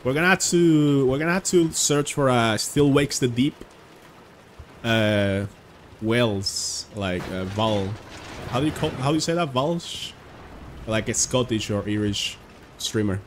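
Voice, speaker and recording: A man's voice: mid-range voice, a little slow, a little hiss or hum. A young man streaming a video game live, chatting casually with viewers and reacting aloud to the game. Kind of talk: casual live gameplay chat.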